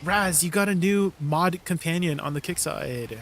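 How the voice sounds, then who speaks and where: A man's voice: fairly high pitch, normal speed, a bit bright, slight background noise. A man streaming live and chatting casually with his viewers, laid-back and laughing often. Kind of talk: casual livestream chat with viewers.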